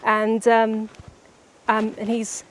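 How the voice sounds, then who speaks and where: A young woman writer chatting casually about her book outdoors by the seaside, a little out of breath and halting, with many restarts. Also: a little high, monotone, a little hiss or hum. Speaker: writer vlogger.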